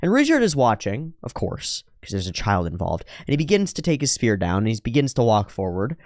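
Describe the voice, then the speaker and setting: Male reaction host, lively swooping pitch, dry close sound, swears freely and mimics characters mockingly. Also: brisk, dry recording. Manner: profane, animated, acts out characters' lines in mocking voices. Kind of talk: casual commentary.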